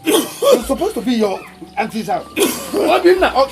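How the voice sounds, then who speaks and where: A man's voice: very high-pitched, sing-song, moderate pace, vocal fry, heavily acted. A man with a Nigerian accent playing a distraught father who pleads with his hurt son and keeps repeating his questions. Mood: pleading. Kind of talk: film drama acting. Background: film score music.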